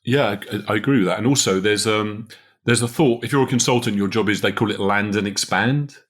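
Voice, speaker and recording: Deep-voiced man chatting on a podcast. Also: fairly quick, fairly bright tone. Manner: conversational, emphatic, chuckles often. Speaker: podcast host, business consultant. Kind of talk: casual podcast chat.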